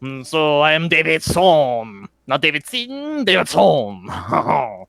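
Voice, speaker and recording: A man's voice: fairly high pitch, very animated, a little slow, gravelly, bright, forceful tone, no room sound, full character voice. A man voicing a flirtatious male carnival knife thrower who purrs and chuckles smugly while showing off in a tabletop game. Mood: showboating. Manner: smarmy, showy, purring "mm" and chuckling.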